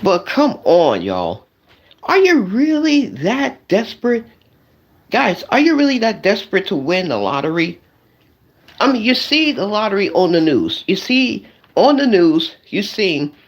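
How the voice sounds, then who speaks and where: A man's voice: high-pitched, a little slow, muffled recording. Male streamer doing a comic rant to his chat, voice swinging up and down a lot, keeps repeating himself. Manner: animated, repetitive, addresses the audience directly. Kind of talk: comedic rant to a live chat.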